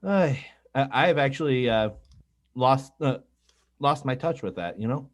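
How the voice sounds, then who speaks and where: A man's voice: mid-range voice, unhurried. A man hosting a casual podcast chat, self-deprecating and rambling, often restarting his sentences. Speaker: podcast host.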